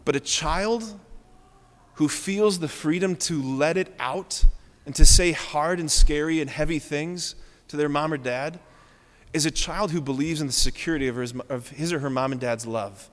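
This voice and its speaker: A high-voiced man preaching a sermon as a Catholic priest, his earnest words driven home by repeated phrases. He speaks with building passion. The long reverb of a large church trails after each line. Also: moderate pace.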